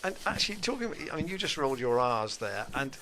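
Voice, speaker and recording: A man's voice: medium pitch, very animated, fast, sharp tone. A man co-commentating on cricket for radio. He describes the play in a wry, conversational way and reads out listeners' emails. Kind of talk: live commentary and listener chat.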